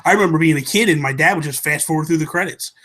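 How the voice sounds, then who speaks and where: A man's voice: a little high, racing. An American man co-hosting a podcast, telling a story in a casual chat and acting out the people in it. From United States. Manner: animated storyteller, acts out the people in his story. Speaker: podcast co-host.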